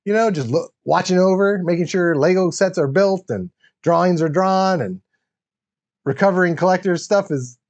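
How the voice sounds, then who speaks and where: A man hosting a casual livestream, chatting in a rambling, excitable way and laughing often while he builds a toy set. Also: sits high, normal speed. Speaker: livestream host.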